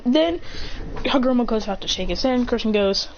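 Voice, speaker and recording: A woman's voice: fairly high pitch, animated, fairly quick, a little mellow, lo-fi sound, slight background noise. A woman casually retelling an imagined story in a rambling way. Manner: rambling, with fillers and restarts.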